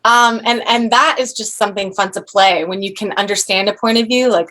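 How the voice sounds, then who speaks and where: A woman's voice: a little high, fairly even intonation, moderate pace, few pauses, a bit bright. A woman in her thirties, an actor and director, chatting as an interview guest, effusive and full of restarts and asides. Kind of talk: casual interview chat.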